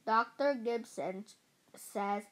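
A woman reading the lines of a caring mother, calm and matter-of-fact. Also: fairly high pitch, takes it slowly. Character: caring mother of a young girl.

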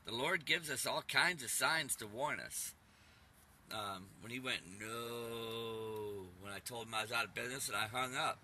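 Middle-aged man, bright and edgy tone, urgent rambling testimony, faint hiss behind. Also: medium pitch, normal speed. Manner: earnest, urgent, repeats "man". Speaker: YouTube preacher.

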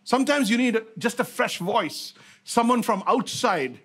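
Preaching in a fairly high, slightly bright and a little rough voice, this pastor uses lively intonation throughout his sermon. He hammers home key lines by repeating them, throws rhetorical questions at the congregation, and shifts between quick bursts and deliberately slowed phrases.

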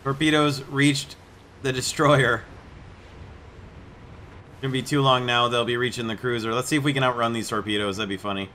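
A man's voice: medium pitch, steady tone, moderate pace, long pauses, pushed and bright, slight background noise. A man giving casual, amused commentary while playing a naval game, now and then putting on joking accents. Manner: chatty, amused, puts on mock accents for jokes. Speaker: gameplay video host.

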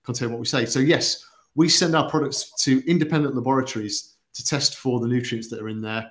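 A man's voice: mid-range voice, fairly even intonation, fairly quick. A man, explaining supplements on a company livestream in an earnest, methodical way with occasional fillers. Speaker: product expert on a company livestream. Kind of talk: casual livestream chat.

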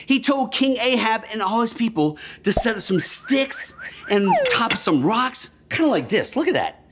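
A man storyteller for young children, his pitch jumping lively all over as he tells the story with bright enthusiasm. He gasps and pulls the little listeners in, asking them to repeat words back to him. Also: moderate pace, noisy background. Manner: enthusiastic, gasping, leads children in call-and-response.

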